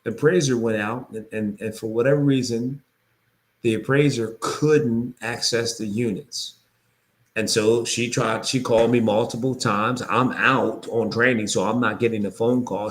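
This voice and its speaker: A man coaching real estate agents in an energetic sales pitch, repeating phrases for emphasis.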